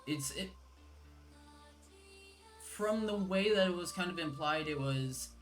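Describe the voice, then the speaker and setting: Game master man, unhurried descriptive narration, soft music beneath. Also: fairly high pitch.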